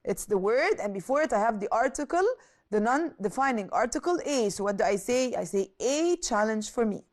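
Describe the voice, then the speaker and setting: Lively woman teaching English. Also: fairly high pitch, brisk. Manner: switches into Arabic to translate words; asks questions and answers them herself. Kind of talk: explaining a lesson.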